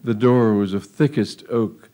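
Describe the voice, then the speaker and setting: A man's voice: on the low side, a little slow, dark tone. A man reading a humorous story aloud in a wry, amused storytelling manner. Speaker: narrator. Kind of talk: audiobook reading of a comic tale.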